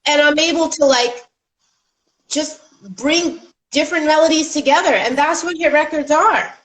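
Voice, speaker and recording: High-voiced woman talking songwriting. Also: normal speed, a bit bright, rough recording. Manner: thoughtful, leans on fillers like "like" and "you know". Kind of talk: casual chat.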